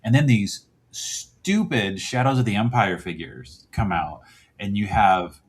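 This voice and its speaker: A man's voice: on the low side, lively intonation, unhurried, breathy edge. A man guesting on a podcast, chatting casually and rambling, often chuckling and poking fun at himself. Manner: rambling, chuckling, self-mocking.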